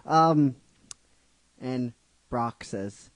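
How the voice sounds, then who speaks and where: A middle-aged man tells a fan story in a loose, chatty way, stopping and restarting as he goes. He speaks slowly at a medium pitch. His voice is close and dry, with no room echo. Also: lively intonation, a little mellow. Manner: rambling and chatty, with many restarts and asides. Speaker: narrator of a fan script series. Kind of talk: casual spoken story narration.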